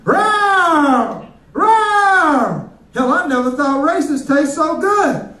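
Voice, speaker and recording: A man's voice: extremely high pitch, expressive, very slow, bright, forceful tone, roomy sound, recorded from a distance, heavily acted. A man on stage playing a male lion, roaring and gloating in a rowdy, gleeful way. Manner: growling roars, gleeful, rowdy.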